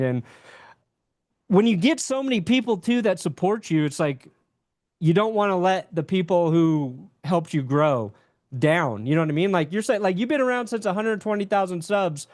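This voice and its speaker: A young man talks in a loose, candid podcast chat, rambling through his thoughts and swearing casually. His voice sits a bit high for a man. The sound is dry and close, with no room around it. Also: animated, normal speed, a little mellow, no echo. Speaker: podcast guest, sports YouTuber.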